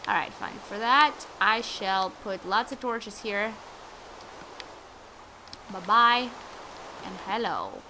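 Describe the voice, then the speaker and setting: A woman's voice: medium pitch, lively intonation, takes it slowly, pauses often, sharp tone, a little hiss or hum. A woman giving casual gameplay commentary, chatting to viewers and talking to the game with sudden exclamations, sounding a little under the weather. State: slightly sick. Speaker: gaming YouTuber.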